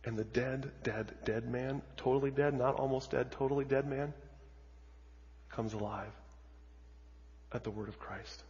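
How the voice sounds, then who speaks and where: A man preaching a sermon as a pastor, telling the story dramatically with lots of repetition and moving between hushed and loud delivery. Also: medium pitch, steady tone, unhurried, pauses often, a little hiss or hum. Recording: dull audio with long hall reverb.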